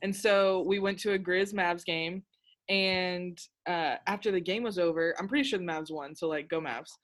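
A young woman hosting a casual chat, telling a story in an animated, excitable way with lots of filler words. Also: on the low side, moderate pace. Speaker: podcast host.

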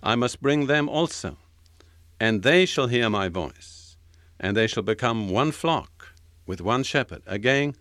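Male preacher, mid pitch, dry close sound, measured and emphatic, leans hard on quoted verses. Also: expressive, a bit bright, dry recording. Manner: slows and stresses scripture quotes. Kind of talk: sermon.

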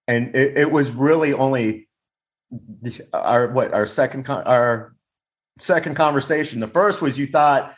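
This is a man speaking over a video call microphone at a mid pitch. He talks in a blunt, rambling way and swears casually. He laughs often as he goes. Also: measured pace. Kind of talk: casual podcast chat. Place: home or office, on a video call.

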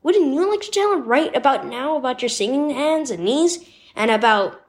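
A woman voicing a caring mother who speaks softly and reassuringly to her hurt son. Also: sits high, animated, normal speed, voice pushed up. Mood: comforting. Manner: soft, reassuring.

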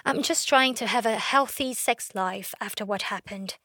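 A woman's voice: fairly high pitch, moderate pace, pushed and bright, no echo, clean studio sound. A young woman telling a comic story, brash and sardonic, swearing freely. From Brazil. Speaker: comedian.

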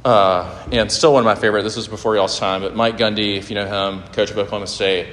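A man's voice: lowish voice, steady tone, fast, fairly bright tone. A man preaching a sermon in an earnest, conversational way, with fillers and restarts. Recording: hall reverb with faint ambience.

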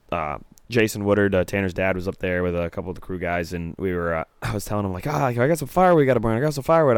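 A man's voice: lowish voice, smooth, no echo. A young man co-hosting a podcast in casual chat, rambling with lots of filler words. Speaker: podcast co-host.

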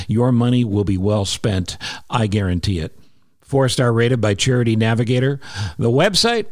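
Here a medium-pitched male podcast host does an ad read plus a charity plug, casual and emphatic, circling back to the key points. It's studio quality with no room sound.

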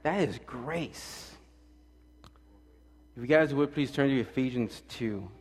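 A man preaching a casual, joking sermon as pastor, acting out quick voices to make his points. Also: medium pitch, husky. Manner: animated, jokey, acts out quick voices. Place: church sanctuary. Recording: church hall with long reverb.

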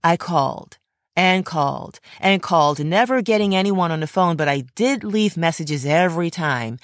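A woman with a somewhat low voice narrates her own story into a close mic. Her telling is earnest and indignant, and she often turns to address fellow actors directly. The sound is dry and close, with no room around it. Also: animated, normal speed, no room sound. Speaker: podcast host and actor. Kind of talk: first-person storytelling narration. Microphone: close studio mic.

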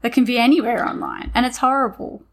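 A woman's voice: fairly high pitch, wildly swooping pitch, fast, gravelly. Chatty, agreeable woman co-host for a casual chat podcast; trips over her sentences and restarts.

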